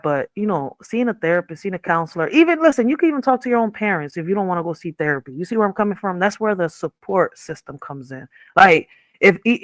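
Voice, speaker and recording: In a recording with no room sound, a thirtysomething woman with a fairly low voice hosts her podcast. Her casual commentary is candid, profane and rambling, and she keeps checking in with "you see where I'm coming from."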